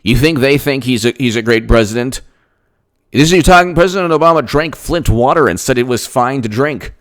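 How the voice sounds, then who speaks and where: Male political commentator, lively swooping delivery, emphatic and repetitive, rhetorical questions. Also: medium pitch, a little fast. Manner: animated, laughs between points. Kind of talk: opinionated political monologue.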